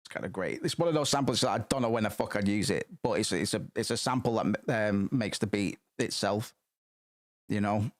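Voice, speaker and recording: Excitable swearing male streamer. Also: on the low side, normal speed. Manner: rambling, swears a lot, excitable. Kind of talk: casual stream chat reacting to music.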